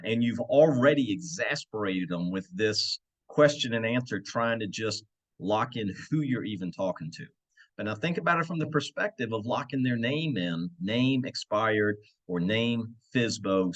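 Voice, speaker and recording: Lively man coaching real estate cold calls. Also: mid-range voice. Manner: lively, coaching tone with frequent "right?" asides. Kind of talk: instructional walkthrough.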